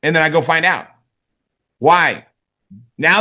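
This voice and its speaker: A man giving an energetic motivational sales training, talking conversationally and often checking that his listeners follow him. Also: fairly high pitch, slow pace. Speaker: network marketing sales trainer.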